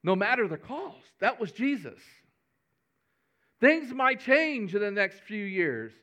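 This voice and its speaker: A man's voice: sits high, very animated, slow, sharp tone. A man, a pastor giving a folksy, conversational sermon with humor.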